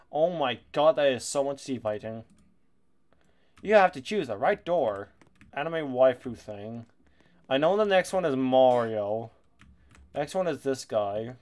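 A man giving casual, excitable commentary over a video game, laughing and swearing often. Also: medium pitch, unhurried, pauses often. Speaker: gaming YouTuber.

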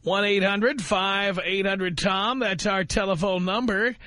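A man's voice: high-pitched, fairly even intonation, measured pace, pushed and bright, no echo. A man hosting a radio call-in show, blunt and brash as he takes callers. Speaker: radio talk show host.

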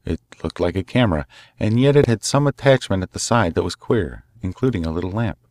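A man narrating a classic story in a measured, dramatic way. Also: sits low, animated, a little mellow, no room sound, clean studio sound. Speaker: audiobook narrator. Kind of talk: scripted narration.

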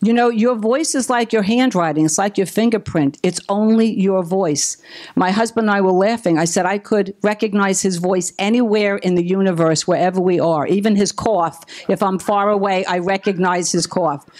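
A woman's voice: mid-range voice, normal speed, a little mellow. A woman pastor preaching a sermon with emphasis, acting out the scripture quotes as she goes.

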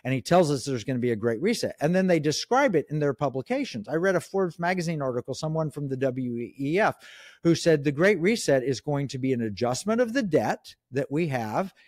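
A man's voice: on the high side, big pitch swings, a little fast, darkish tone, no room sound, clean studio sound. A middle-aged man speaking as a guest in an interview, emphatic and opinionated, with frequent restarts. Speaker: guest, economic commentator. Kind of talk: interview conversation.

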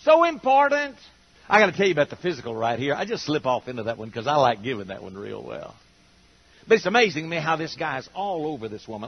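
An older man preaches to a congregation in a church auditorium, telling homespun, humorous stories in a folksy way and acting out the quotes. His voice is a little high, sing-song and brisk, captured in a dull lo-fi sermon recording.

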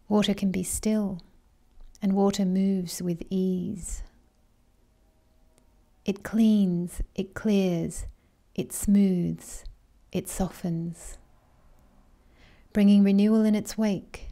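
A woman voicing a wise, calm male water dragon in a guided meditation, speaking slowly and soothingly in a rich, low tone. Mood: serene.

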